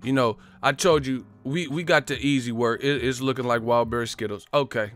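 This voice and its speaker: A man's voice: mid-range voice, brisk, fairly bright tone. A man hosting a live boxing stream, chatting casually in slang, swearing and laughing often. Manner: slangy, swearing, laughs a lot, does voices. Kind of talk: casual livestream chat.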